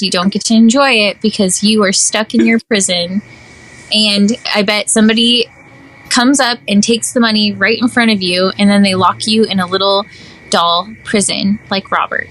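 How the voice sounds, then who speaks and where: A young woman co-hosting a podcast in casual chat, animated and playfully dramatic. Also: medium pitch, low-quality recording. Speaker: podcast co-host.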